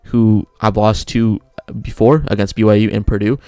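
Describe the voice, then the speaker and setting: A young man rattles through his sports picks in a casual, rambling way, often stopping to correct himself. His voice sits on the low side with a gravelly edge. He is recorded close up in a dry room. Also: steady tone, normal speed, mellow, dry recording. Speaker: sports video creator. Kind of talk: casual bracket picks talk.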